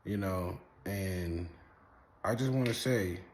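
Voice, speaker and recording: A man's voice: medium pitch, moderate pace, a little hiss or hum. A man hosting a casual monologue, telling stories in street slang and acting out what people said. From Brooklyn, New York. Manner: animated storytelling, street slang, acts out quotes. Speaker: host.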